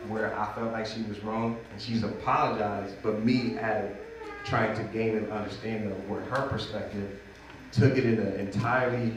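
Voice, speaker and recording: A low-voiced man leads a church bible study, thinking aloud in a relaxed, conversational way. He sounds distant in a very echoey room with background noise. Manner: reflective, conversational. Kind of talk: leading a group discussion. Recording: echoey room from far off, noisy.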